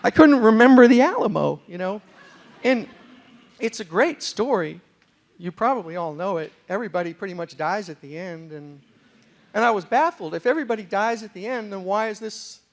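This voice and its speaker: A middle-aged man from New York City telling a humorous story as a speaker in a university lecture hall, with animated comic delivery and asides to the audience. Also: high-pitched, moderate pace.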